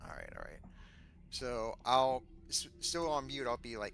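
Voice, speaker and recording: Bright, stumbling male player. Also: mid-range voice, big pitch swings, measured pace, creaky, a little hiss or hum. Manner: hesitant, stumbling. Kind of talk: casual tabletop play.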